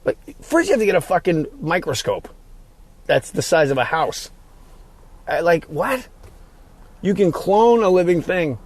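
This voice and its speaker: A man's voice: sits high, sing-song, measured pace, long pauses. A middle-aged man hosting his podcast alone, rambling and ad-libbing in a profane, casual monologue. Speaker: podcast host.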